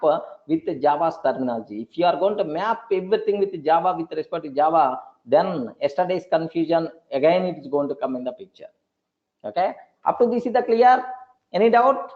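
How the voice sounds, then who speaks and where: Programming teacher, male, high and animated pitch, repeats himself, keeps checking that students follow, lo-fi recording. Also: fairly quick. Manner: repeats points, checks for understanding often. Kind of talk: classroom lecture. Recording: dull lo-fi recording.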